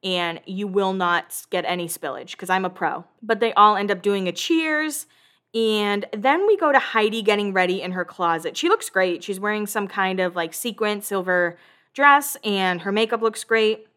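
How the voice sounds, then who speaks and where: A woman in her thirties hosting a podcast, gossiping through a casual, chatty recap of a reality show. She acts out the cast's lines in quick bursts and swears freely. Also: mid-range voice, fairly bright tone.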